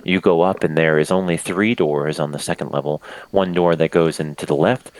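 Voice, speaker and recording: A man's voice: extremely low pitch, steady tone, brisk, no echo, poor audio. A man narrating a tabletop game as game master, in a loose, rambling way with restarts.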